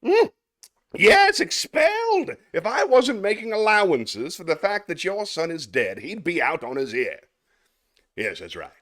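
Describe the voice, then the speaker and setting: A man's voice: a little high, sing-song, normal speed, fairly bright tone, voice pushed up. A man performing a comic monologue as a pompous, callous male school headmaster with stiff, formal bluster. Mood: indignant.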